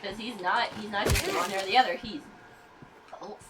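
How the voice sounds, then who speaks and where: A woman's voice: medium pitch, normal speed, a loud crowd, low-quality recording. A woman playing and chatting casually as co-host of a gaming video, often trailing off mid-thought. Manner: casual, trailing off, distracted by the game. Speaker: gaming channel co-host, player. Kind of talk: casual let's-play chat.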